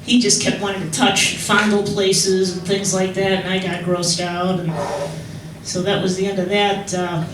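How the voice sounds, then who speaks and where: Young female stand-up from Chicago, halting rambling delivery, echoey room recording with faint noise. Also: medium pitch, flat delivery. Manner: rambling, halting, with repeated restarts. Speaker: stand-up comedian. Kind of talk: stand-up comedy set. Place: club stage with audience. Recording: echoey room, mic heard from far off.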